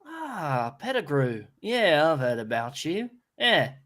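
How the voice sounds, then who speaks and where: A man's voice: a little high, big pitch swings, slow pace, a bit bright, exaggerated voice. A man with an Australian accent voicing a brash, violent male escaped convict who boasts and swaggers as he tells his tale. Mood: swaggering.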